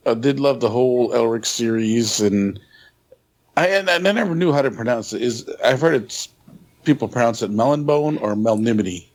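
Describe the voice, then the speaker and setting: A man's voice: mid-range voice, moderate pace. A man co-hosting a podcast in casual chat, restarting sentences as he reminisces. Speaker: podcast co-host.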